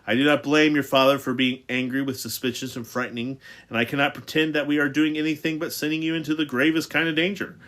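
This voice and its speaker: A man's voice: mid-range voice, fairly bright tone, natural voice. A man reading the part of an ancient, otherworldly woman who is stern and wise, speaking in a lecturing way.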